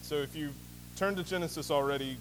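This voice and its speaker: A man's voice: on the high side, a little fast. A man preaching a sermon as pastor, in a conversational storytelling manner with many fillers. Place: church sanctuary. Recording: reverberant hall with faint hum.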